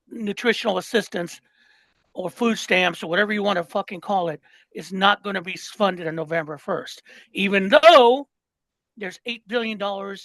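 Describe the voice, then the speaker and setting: A man's voice: sits high, creaky, pushed and bright, no room sound, poor audio. An older man co-hosting a political podcast, ranting with passion and plenty of profanity. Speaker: podcast co-host. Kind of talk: heated political podcast chat.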